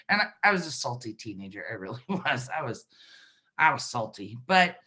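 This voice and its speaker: Bright-voiced woman giving a spiritual reading. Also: lowish voice, lively intonation, brisk. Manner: warm-toned reassurance, frequent laughs and fillers. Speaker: intuitive card reader. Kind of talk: spiritual reading, casual chat.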